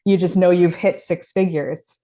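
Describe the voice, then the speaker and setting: Woman guest on a call, lowish voice, lots of like and um. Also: steady tone, moderate pace, mellow. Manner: conversational, many fillers and restarts. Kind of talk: casual interview.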